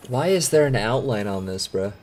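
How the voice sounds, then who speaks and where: A man streaming himself editing a video, talking to himself in rambling casual chat that breaks into sudden loud outbursts. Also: mid-range voice, animated, moderate pace, faint music behind.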